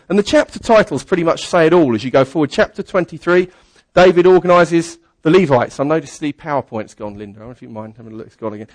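A man gives a sermon, reading Bible passages aloud and stopping to explain them in everyday words. His voice sits a little high for a man. The sound is dry and close, with little room echo. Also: a little mellow. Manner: reads scripture aloud and adds plain asides. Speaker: preacher.

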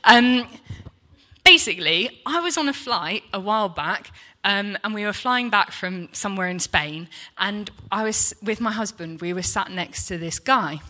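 A woman, preaching in church and telling a personal story in a chatty, animated way, acting out the dialogue. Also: mid-range voice, normal speed. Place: church hall.

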